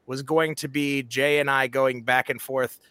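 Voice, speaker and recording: A man's voice: medium pitch, a little slow, clean tone, no room sound. A man hosting a casual podcast, telling stories with lots of laughter. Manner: animated, laughing storyteller. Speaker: podcast host.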